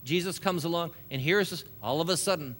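A male preacher with a bright, forceful voice, pitched a little high for a man. He preaches with humor, laughs between points and drives his emphasis upward. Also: fairly quick. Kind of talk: sermon.

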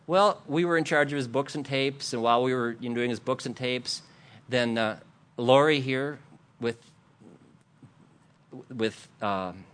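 A man's voice: medium pitch, a bit bright. A man preaching a sermon, telling a story with lots of laughs and acted-out quotes. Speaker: pastor.

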